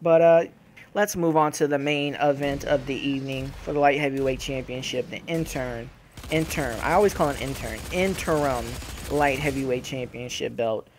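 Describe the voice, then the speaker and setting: A young man giving casual, profane reaction commentary on fights, animated and trash-talking. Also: mid-range voice, moderate pace, a little hiss or hum. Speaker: gaming channel host.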